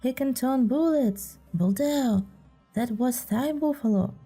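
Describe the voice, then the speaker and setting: A furious crowd of villagers hurls shrill taunts, put on by a woman reading a storybook aloud. The yells jump high above her usual reading voice, though the tone stays dark and mellow, with soft music playing behind. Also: slow, husky, full character voice. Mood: shrill jeering. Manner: shouting.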